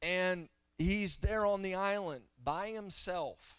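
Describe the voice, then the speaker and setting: A man in his thirties preaching a humorous, animated sermon that swings between loud and soft. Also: sits high, slow pace, no echo. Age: 30s.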